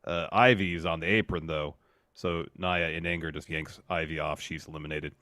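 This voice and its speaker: A man co-hosting a podcast who walks through a wrestling match step by step in a relaxed way, with many fillers. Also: a bass voice, moderate pace, no room sound. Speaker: podcast co-host. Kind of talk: casual play-by-play recap.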